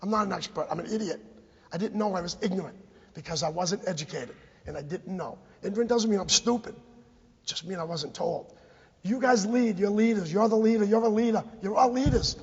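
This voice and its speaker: A man's voice: sits high, a little fast, a little mellow, slightly rough. A middle-aged man gives an impassioned, repetitive public comment at a town committee meeting, urging the members to act. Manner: emphatic, repetitive, exhorting. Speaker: bereaved parent giving public comment. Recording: dull, echoey public-access meeting recording.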